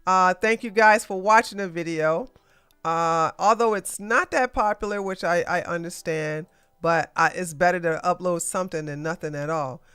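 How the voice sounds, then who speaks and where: Blunt, ranting woman host with a crisp voice. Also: fairly low pitch, moderate pace, fairly bright tone. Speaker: podcast host. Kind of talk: casual livestream political commentary.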